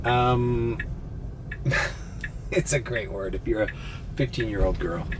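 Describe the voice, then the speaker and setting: A man's voice: on the low side, slow, background noise. A man vlogging casually from inside his car as a rideshare driver, rambling, swearing and laughing a lot. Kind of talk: casual vlog while driving.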